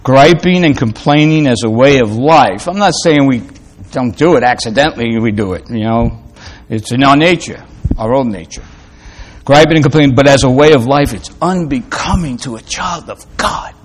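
A man's voice: mid-range voice, normal speed. A man preaching a sermon in an emphatic way, repeating phrases for effect and asking rhetorical questions.

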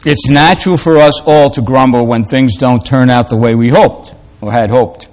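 A man's voice: medium pitch, moderate pace, a little mellow. A man preaching a sermon in an emphatic way, repeating phrases for effect and asking rhetorical questions.

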